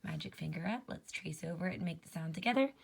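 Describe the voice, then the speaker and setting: A woman teacher giving a slow, clear phonics lesson to young children, modeling each letter sound and inviting them to try it with her. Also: fairly low pitch, lively intonation.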